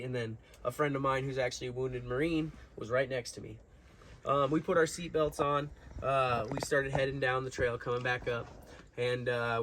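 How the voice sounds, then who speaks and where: A young male vlogger with a medium-pitched, slightly bright voice rambles through a long story for his viewers, with some faint hiss or hum in the audio. He's casual, filling his talk with fillers and restarts.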